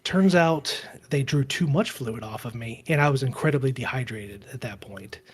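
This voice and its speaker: A man around forty, co-hosting a relaxed podcast. He tells his story in a loose, rambling way, stops to correct himself, and briefly takes on the voices of people in his story. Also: mid-range voice, normal speed, a little hiss or hum. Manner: rambling, self-correcting storyteller who acts out quoted dialogue. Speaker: podcast co-host. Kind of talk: casual storytelling chat.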